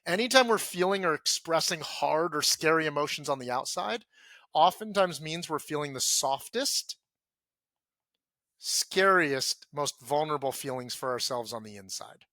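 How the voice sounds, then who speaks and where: A man talks earnestly as a podcast guest, his voice sitting a little high and sounding bright and forceful. He slips into his own inner self-talk, going softer and lower for the quoted feelings, and the sound is dry and close with no room around it. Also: no room sound.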